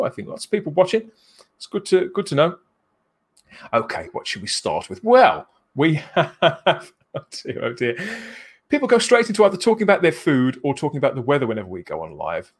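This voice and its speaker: Chuckling, animated male live-stream host. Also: mid-range voice, slightly rough. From England. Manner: jokey, chuckles between phrases. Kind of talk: live-stream chat show.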